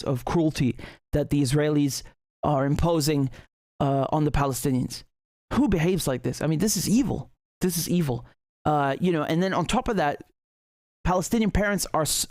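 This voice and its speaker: A man with a somewhat high voice delivers fired-up solo commentary in a dry, close-sounding recording. He speaks with indignation and biting sarcasm, repeating himself and restarting sentences as he pushes his point. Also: no room sound. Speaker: political commentator.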